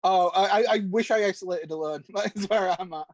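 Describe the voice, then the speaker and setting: A British man, a comedian guest, chatting over a video call from his family home, excitable and quick to laugh. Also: sits high, dull audio. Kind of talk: casual online chat.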